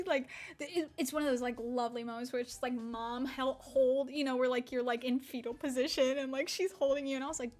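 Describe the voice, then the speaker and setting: A woman's voice: high voice, steady tone, fairly quick, few pauses, a little mellow. A young woman streaming, rambling through a story in casual chat, self-deprecating, swearing often, with laughs between words.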